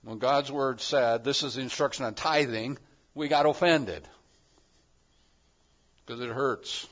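Guy preaching a sermon, goes quiet then really loud and punchy, kinda muffled lo-fi sound. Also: medium pitch, fairly even intonation, measured pace. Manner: swings from soft and reflective to loud and emphatic. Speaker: pastor.

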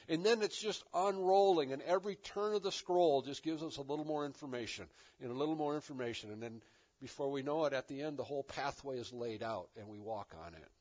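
Male pastor, fairly high voice, chatty teaching sermon, muffled lo-fi recording. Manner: conversational preaching with frequent "kinda" and restarts. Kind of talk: expository sermon.

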